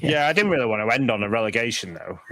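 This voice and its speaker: Joking podcast co-host. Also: male voice, mid-range voice, expressive, fast talker, a bit bright, no echo. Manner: joking, self-mocking banter. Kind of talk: casual chat.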